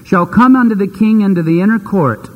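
A man preaching a sermon, retelling scripture in a lively, conversational storytelling manner. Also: sits high, brisk, highs cut off. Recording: long hall reverb.

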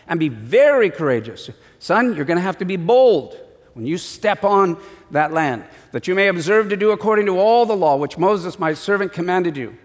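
A man preaching a sermon as pastor, animated, acting out little voices in his stories. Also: high voice, long reverb tail.

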